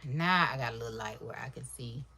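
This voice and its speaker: A woman chatting casually to her livestream viewers while sewing, deliberately keeping her voice quiet and soft, calling them y'all and baby. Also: creaky, a little hiss or hum. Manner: talks low and soft on purpose. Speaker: livestream crafter.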